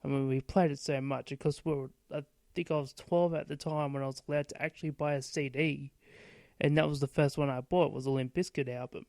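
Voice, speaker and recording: A man's voice: fairly high pitch, steady tone, fairly quick, darkish tone, no room sound, low-quality recording. A man in his late twenties hosting a podcast, rambling through stories in a casual monologue full of swearing. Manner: profane, rambling storytelling. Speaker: podcast host.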